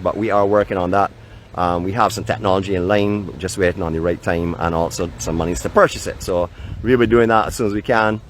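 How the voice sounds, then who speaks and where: Barbadian vlog host, low voice, chatty and welcoming, camera mic outdoors with faint wind behind. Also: male voice. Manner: chatty, welcoming tour-guide talk. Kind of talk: live outdoor vlog narration. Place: outdoors on a raft off a beach. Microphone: camera mic, no external microphone.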